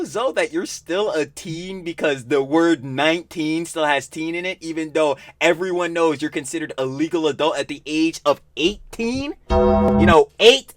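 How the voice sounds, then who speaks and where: A man reacts to a clip with loud, disbelieving outbursts and heavy swearing. His pitch leaps all over as he talks, and the recording sounds dry and close. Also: dry recording. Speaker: reaction video host. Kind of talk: casual reaction commentary.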